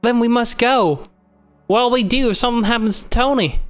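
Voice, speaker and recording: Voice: medium pitch, normal speed, clear, resonant tone, soft background music, voice pushed up, lightly acted. A player putting on a raised voice to play a worried, loyal young woman fighter in a fan-voiced game playthrough. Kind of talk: fan voice acting over a game.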